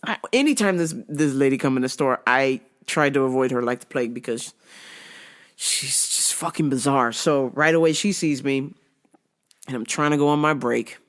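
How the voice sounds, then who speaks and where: A woman's voice: very deep voice, normal speed. A woman telling blunt, profane work stories on her show, laughing often. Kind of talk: casual storytelling rant.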